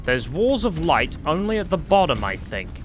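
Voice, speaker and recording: A man's voice: fairly high pitch, sing-song, moderate pace, background noise. A young man giving casual, jokey, sweary commentary while he plays a game. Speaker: gameplay commentator.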